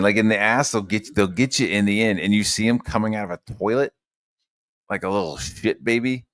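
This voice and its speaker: A man with a fairly low voice telling a story in a loose, rambling way. He swears freely and fills his talk with casual fillers. His voice sounds dry and close. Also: a little fast, a bit bright, no room sound. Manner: rambling, profane, lots of fillers.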